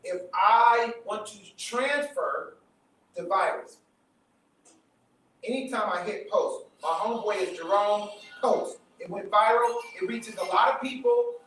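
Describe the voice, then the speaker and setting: Man lecturer, high-pitched, punchy and repetitive, live room sound with heavy echo. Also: sing-song, measured pace, a bit bright, slight background noise. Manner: emphatic, repeats points, checks in with the crowd. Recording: very echoey room, mic from far off.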